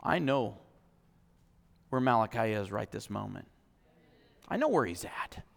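A man preaching a sermon as pastor, impassioned, swinging from loud declarations to hushed, personal moments. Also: lowish voice, very animated, a little slow, gravelly. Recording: long hall reverb.

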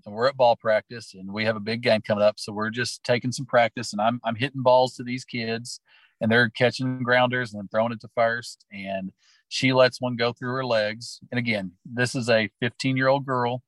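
A man's voice: medium pitch, little pitch movement, normal speed, a bit bright, dry recording, low-quality recording. A middle-aged man from Oklahoma, a teacher and sports coach, telling personal stories in an interview in an earnest, heartfelt, rambling way. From Oklahoma, USA.

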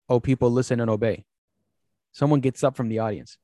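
A man's voice: mid-range voice, fast talker, dry recording, clean studio sound. A man hosting a casual podcast, telling stories with lots of fillers and acting out quoted speech. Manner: animated storyteller, acts out quoted speech; many fillers and restarts. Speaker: podcast host.

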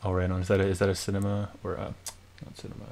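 A man's voice: sits low, completely flat delivery, very fast, vocal fry, darkish tone. A young man co-hosting a podcast in casual chat, reacting with swears and jokes. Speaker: podcast co-host.

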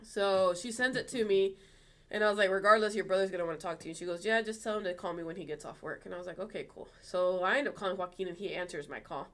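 Animated, cursing woman telling a story. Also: mid-range voice, quick pace. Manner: animated, swears freely, acts out quoted dialogue. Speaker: podcast co-host. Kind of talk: casual storytelling chat.

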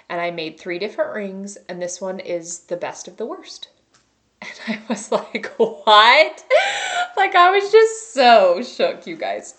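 A young adult woman hosting her own podcast as a life coach, talking in an upbeat, chatty way and often saying "like" and "you guys". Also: fairly low pitch. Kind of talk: casual podcast monologue.

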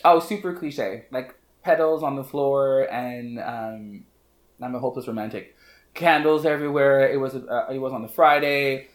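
A man, a hairstylist guest on a podcast, telling a story in an animated, casual way, full of fillers and repeated phrases. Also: medium pitch, normal speed. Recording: roomy echo.

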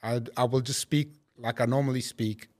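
A man with a South African accent, a guest telling his story in a relaxed, rambling way with frequent restarts. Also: medium pitch, moderate pace. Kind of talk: casual conversational storytelling.

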